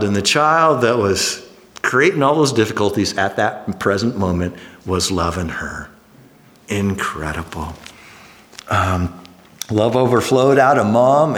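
A man in his fifties preaching a sermon, telling stories with jokes, sudden high exclamations and quiet drops. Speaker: pastor. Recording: long hall reverb.

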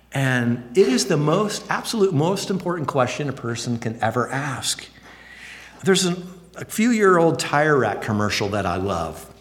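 A male pastor preaching a sermon in an earnest, conversational way, swinging between high emphatic phrases and low quiet ones. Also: big pitch swings, a little slow. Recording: long hall reverb.

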